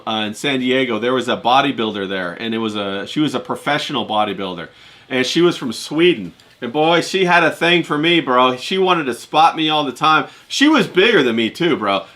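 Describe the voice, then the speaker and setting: A man's voice: mid-range voice, pushed and bright. A man hosting a casual chat, reading out viewers' messages in a laid-back way with plenty of fillers. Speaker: host.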